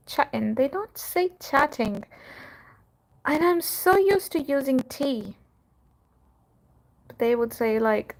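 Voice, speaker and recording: On her channel's live stream, the woman who runs a cattery talks in a relaxed way, frequently laughing and letting sentences trail off into fillers. She has a creaky, slightly high voice.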